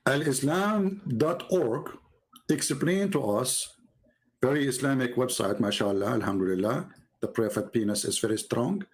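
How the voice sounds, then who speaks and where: A man giving mocking, sarcastic commentary as he reads from a website on screen. He swings from low mutters to sudden high exclamations. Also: poor audio. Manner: mocking and sarcastic, with exaggerated mock praise. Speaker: religious debater and commentator.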